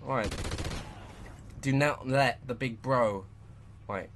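A young man giving live gameplay commentary, muttering to himself one moment and shouting at the game the next. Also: medium pitch, slow pace. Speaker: gaming channel host.

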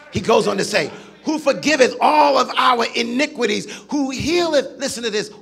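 A man preaching a sermon, often shouting and sliding into a sing-song cadence, calling on the congregation to respond. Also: extremely high pitch, creaky. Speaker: pastor.

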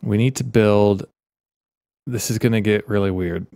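This podcast co-host has a darker, lower voice and speaks a little slowly, captured in studio quality with no room sound. Playing a game during casual gaming chat, he keeps up goofy jokes and rambling tangents.

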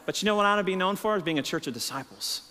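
A middle-aged Texan man, a pastor, preaching a sermon and telling stories, swinging between low, relaxed storytelling and emphatic, raised peaks. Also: rapid-fire. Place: church sanctuary. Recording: reverberant church hall.

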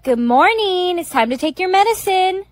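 An exasperated, scolding nurse, played by a woman in a comedy skit. Her voice is high and the sound is close and dry, with no room around it. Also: expressive, normal speed, dry recording. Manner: scolding and patient, bossy.

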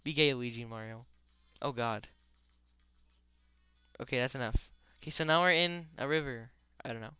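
A man's voice: mid-range voice, moderate pace, pauses often, clear, resonant tone, no room sound, soft background music. A young man casually commenting on a video game, rambling with lots of fillers and bursting out now and then. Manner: excitable outbursts. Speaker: let's play gamer.

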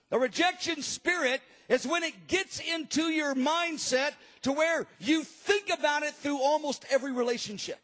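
A man preaching a sermon, telling the story in an animated, emphatic way. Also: very high-pitched. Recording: long reverb of a large hall.

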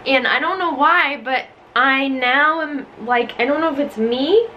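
A woman's voice: sits high, a little slow, highs cut off, a little hiss or hum. A young woman vlogging casually about her art shop, bubbly and rambling, gushing and giggling with many fillers. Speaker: artist and small business vlogger. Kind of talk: casual vlog narration.

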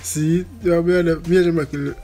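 A man's voice: a little high, fairly even intonation, moderate pace, warm tone, faint music behind. A Jamaican man hosting his channel, commenting casually and laughing often. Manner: laughing, amused. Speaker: channel host.

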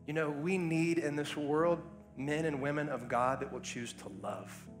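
A man's voice: fairly high pitch, steady tone, a little slow, over music. Earnest male pastor telling a story. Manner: earnest, conversational storytelling with frequent fillers. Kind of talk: sermon.

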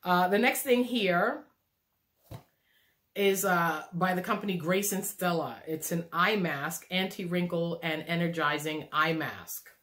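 A woman's voice: on the low side, unhurried, a bit bright. Chatty middle-aged woman unboxing beauty products. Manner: chatty, rambling, self-deprecating with frequent fillers and restarts. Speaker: beauty vlogger. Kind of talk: casual unboxing chat. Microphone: phone camera.

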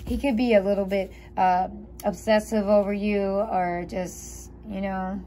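A woman's voice: medium pitch, fairly even intonation, a little slow, warm tone, a little hiss or hum. A woman reading tarot cards aloud, chatty and giggly, thinking aloud as she goes. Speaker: tarot reader.

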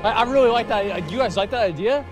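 A man streaming live, reacting to videos in casual, excitable chat and swearing freely. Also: sits high, quick pace, music in the background.

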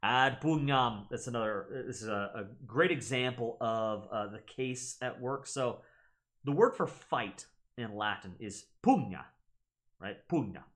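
Young American male host, casual explainer, teacherly, expressive pitch, mid-range voice. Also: unhurried. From United States. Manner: teacherly, checks in with "right?". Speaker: gaming channel host.

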